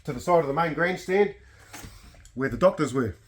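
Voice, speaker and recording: Kiwi bloke, slightly high voice, swearing storyteller, casual and lively. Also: male voice, normal speed. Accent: New Zealand. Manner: animated yarn-spinner, swears freely. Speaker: friend telling stories.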